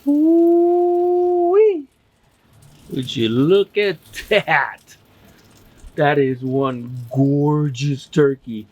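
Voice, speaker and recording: An easygoing man talks slowly and warmly to his viewers as he carves and tastes food at an outdoor grill. His voice sits at an ordinary middle pitch, and he lingers over words with relaxed enthusiasm. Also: highs cut off. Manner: slow, relaxed and enthusiastic, addressing viewers as guys. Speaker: barbecue channel host. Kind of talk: casual cooking video talk to camera.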